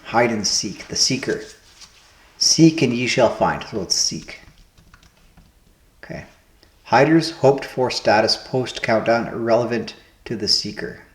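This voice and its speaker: There's a noticeable echo around this man's unhurried, mid-range voice as he solves word puzzles with long pauses. The host muses casually, testing answers out loud by trial and error.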